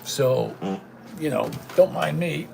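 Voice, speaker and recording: A man's voice: a little high, slow pace, creaky, heavy background noise. An older man hosting a livestream, ranting indignantly and rambling straight at his viewers. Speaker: livestream host. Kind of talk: casual rant to viewers.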